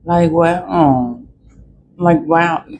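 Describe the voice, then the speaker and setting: A woman vlogging in a casual monologue from a city high-rise apartment. She rambles, repeats phrases and mimics other people in quoted asides. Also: extremely slow, a little mellow, slight background noise, poor audio. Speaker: spiritual vlogger.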